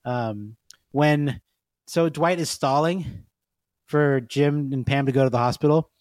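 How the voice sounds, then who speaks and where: A man co-hosting a podcast in casual chat, reflective and quick to laugh. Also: medium pitch, darkish tone, dry recording, clean studio sound. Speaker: podcast co-host.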